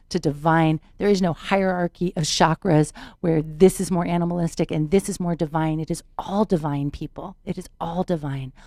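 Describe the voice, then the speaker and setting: Low-voiced earnest woman telling her story. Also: warm tone, dry recording, clean studio sound. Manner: earnest, emphatic, repeats words for weight. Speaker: podcast guest, spiritual teacher. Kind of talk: personal storytelling in a podcast interview.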